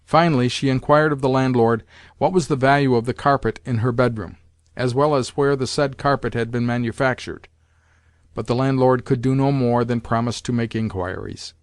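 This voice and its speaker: A man reading a classic novel aloud as an audiobook narrator in a measured, even manner. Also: medium pitch, no echo.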